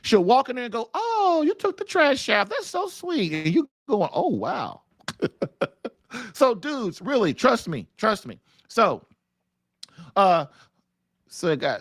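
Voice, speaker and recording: Animated, high-voiced man coaching husbands. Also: gravelly, no echo, clean studio sound. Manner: animated, repetitive, colloquial, addresses listeners as man and dude. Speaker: podcast host giving marriage advice. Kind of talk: live-stream talk, casual preaching to men.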